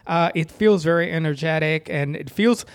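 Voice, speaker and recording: High-voiced, gushing man. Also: moderate pace. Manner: enthusiastic, hesitant, many uhs. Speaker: podcast co-host. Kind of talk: casual movie review chat.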